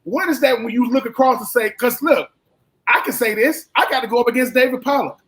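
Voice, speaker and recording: A man with a very high-pitched voice talks quickly as a co-host. He asks long, animated questions and doubles back on his own words as he goes. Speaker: co-host, former college player. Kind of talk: casual interview talk.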